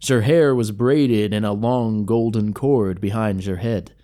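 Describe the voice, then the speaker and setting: A man narrating a fantasy tale from a tabletop campaign in an expressive, measured reading. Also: on the low side.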